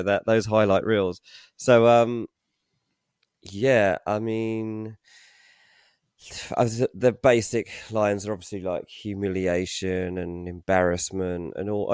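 A man's voice: on the low side, darkish tone, clear, resonant tone, no echo, clean studio sound. A man giving his opinions on a football podcast, rambling and opinionated. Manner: opinionated, rambling, many fillers. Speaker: transfer pundit. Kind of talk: casual football podcast chat.

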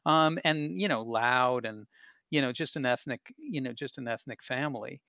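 A man's voice: medium pitch, normal speed, sharp tone. A man hosting a casual conversation, speaking reflectively in loose, rambling phrases. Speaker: host.

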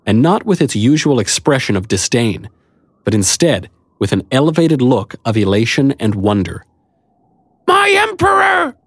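Wry low-voiced male storyteller. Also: a little mellow, no room sound. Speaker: narrator. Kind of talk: first-person audiobook narration.

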